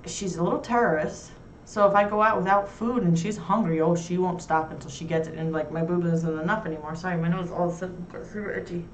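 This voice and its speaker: A young New York woman hosts a casual chat show, with blunt, crude, self-mocking humor. Her slightly low voice comes from some distance off the mic. The room adds a roomy echo, with a faint hiss underneath.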